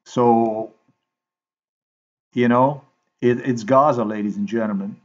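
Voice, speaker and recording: A man talking to his viewers in a rambling, halting way while he edits a video, repeating himself and filling gaps with "you know". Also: mid-range voice, fairly even intonation, a little mellow, muffled recording. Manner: repetitive, halting, thinks aloud with many fillers. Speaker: video maker.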